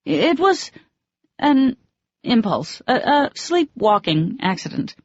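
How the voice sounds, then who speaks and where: A flustered, embarrassed young woman in an audiobook romance, as the narrator puts her on, her voice lifted high and anxious. She keeps apologizing. The recording is dry and a little dull. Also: very animated, slow pace, no echo, exaggerated voice.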